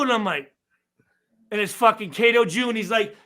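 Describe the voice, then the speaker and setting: A man, a former football player, telling profane stories in casual chat and acting out loud reenactments. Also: high voice, normal speed, pauses often, dry recording, studio quality.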